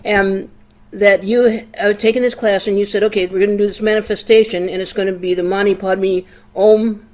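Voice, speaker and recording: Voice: medium pitch, little pitch movement, moderate pace, a little mellow, low-quality recording. An older audience member casually sharing a personal story in a rambling way, trailing off with fillers. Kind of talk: casual testimony.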